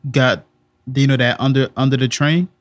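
A male podcast co-host with a New York accent, talking casually in a halting way with many fillers. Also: mid-range voice, steady tone, dry recording. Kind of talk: casual chat.

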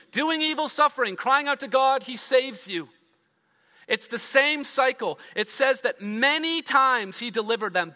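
A man preaching as a pastor reads from scripture and then explains it, his emphasis rising and his endings trailing down. His voice is very high-pitched with a sharp tone, echoing with the long reverb of a large hall.

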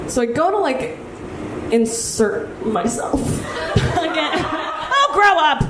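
A woman's voice: sits high, very animated, slow pace. A woman comedian telling a crude story in a stand-up routine with a brash, laughing delivery. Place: comedy show stage. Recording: live club recording, echoey and noisy.

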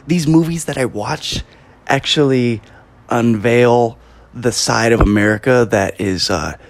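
A man's voice: mid-range voice, no room sound. A young man hosting a solo podcast, ranting in an emphatic, profane, rambling way. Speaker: podcast host.

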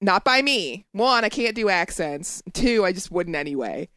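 A woman's voice: medium pitch, big pitch swings, moderate pace, a bit bright, dry recording. A woman co-hosting a podcast in casual chat, dry and teasing. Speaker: podcast co-host.

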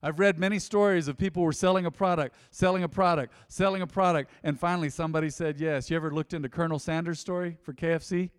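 A man preaching from the pulpit with a notably high voice, animated in storytelling and dropping from loud to soft. His words ring out with a long reverb in the church hall. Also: fast talker, hardly any pauses, smooth. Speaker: pastor. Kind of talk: sermon.

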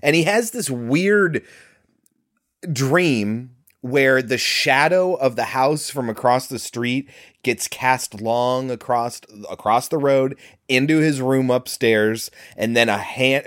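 A man's voice: mid-range voice, slow, fairly bright tone, no room sound. Man explaining movie trivia, dry sound. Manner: explanatory, goes off on trivia tangents. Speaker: podcast co-host. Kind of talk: casual movie recap chat.

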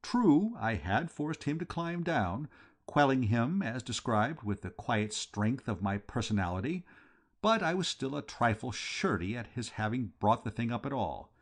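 A man reading a comic novel aloud in a wry, lively first-person narration. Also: medium pitch, a little slow. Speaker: audiobook reader.

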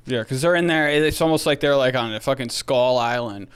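A man's voice: medium pitch, a little fast, clear, resonant tone. A man in his thirties co-hosting a movie podcast. He rambles and swears freely as he retells the plot and shares childhood memories in casual chat. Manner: profane, rambling, animated storytelling. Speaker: podcast co-host.

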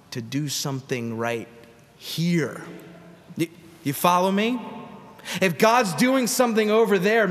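With a fairly high, fairly bright voice, a male pastor delivers a sermon in a relaxed, conversational manner, tossing rhetorical questions at his congregation. The recording carries the long echo of a big church sanctuary.

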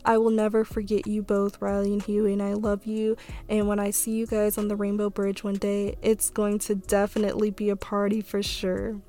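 A young woman, hosting a podcast, speaking softly and tearfully, with halting fillers as she reads a letter aloud. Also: medium pitch, monotone, soft background music. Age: young adult. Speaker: podcast host. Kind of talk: reading a letter and a poem, then casual talk.

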